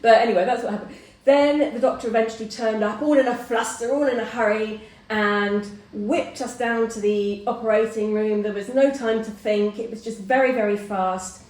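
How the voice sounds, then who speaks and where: A middle-aged woman hosting a casual chat, telling a personal story in an animated way and acting out the voices of people in it. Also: fairly high pitch, moderate pace, few pauses. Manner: animated storyteller who acts out quoted voices. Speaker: host. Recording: roomy, distant mic.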